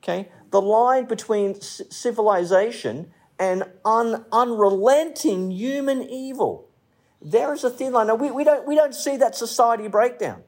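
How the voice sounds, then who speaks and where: A man's voice: very high-pitched, a little slow, darkish tone. Conversational preacher man. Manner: conversational, repeats phrases, restarts mid-sentence; tells stories and jokes lightly. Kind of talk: sermon.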